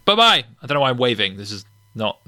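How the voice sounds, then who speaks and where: A young man co-hosts an irreverent podcast, reading scripture and then joking crudely about it. His voice is bright and sharp, recorded close and dry on a podcast mic. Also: on the low side, very fast, no echo. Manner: crude, joking, reads verses aloud then riffs. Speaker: podcast co-host. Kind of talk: irreverent casual chat and Bible reading.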